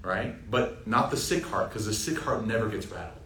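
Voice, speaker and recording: A young man teaching an informal Quran reflection class, lively and joking, often asking the audience questions. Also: on the low side, moderate pace. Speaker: Islamic teacher. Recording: roomy sound from a distant mic with faint ambient noise.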